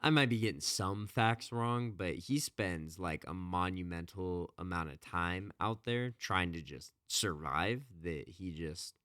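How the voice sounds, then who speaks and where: A man with a very low voice chats loosely on a podcast, circling back with "you know" and "like" as he retells a story. The sound is close and dry, with no room around it. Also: unhurried, hardly any pauses, a bit bright, clean tone, no echo. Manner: rambling, many fillers and restarts. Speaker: podcast co-host. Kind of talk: casual chat retelling a book.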